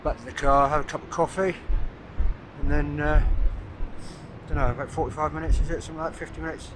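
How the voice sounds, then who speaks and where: A man's voice: fairly high pitch, fairly even intonation, a little fast. A man around sixty, talking casually to camera on a coastal cliff while he takes photographs, thinking aloud with lots of hesitations. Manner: rambling, thinking aloud with many "uh"s. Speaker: landscape photographer vlogger. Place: outdoors on a coastal cliff at sunset. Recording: outdoor noise clearly heard behind.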